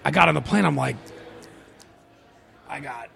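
A man's voice: on the high side, moderate pace, gravelly, a bit bright. A man telling a long personal story in casual podcast talk, rambling and swearing, with many fillers.

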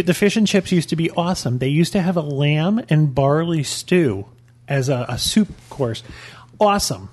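A man's voice: on the high side, a little mellow. A man giving a blunt, opinionated restaurant review on a casual podcast. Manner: blunt, opinionated, lists menu items. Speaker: dining reviewer.

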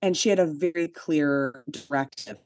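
A woman co-hosting a podcast tells a personal story in a low, slightly mellow voice at a normal pace. Her casual chat is sprinkled with "like" fillers and emphatic asides.

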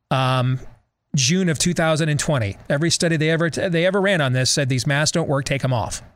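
An American man hosting a talk show, delivering a sarcastic monologue full of rhetorical questions and leading questions to his co-hosts. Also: fairly high pitch. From United States.

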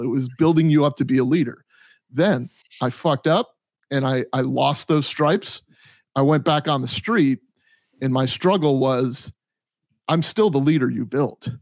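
A man's voice: a little high, no room sound. A man who used to be a deputy, now a podcast co-host, tells a reflective story in a casual chat with some swearing.

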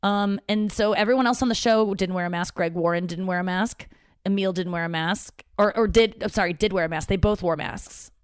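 A woman's voice: medium pitch, fairly quick, clean tone, no echo, studio quality. A woman comedian telling a rambling, profane story from her home office, acting out what other people said. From St. Louis area. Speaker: stand-up comedian and podcast host. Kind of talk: casual solo storytelling monologue.

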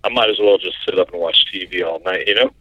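A man's voice: sits low, quick pace, sharp tone, dry recording, highs cut off. A man from Iowa co-hosting a podcast over a remote line, telling stories in an easygoing way. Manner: easygoing, storytelling. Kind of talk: casual podcast chat.

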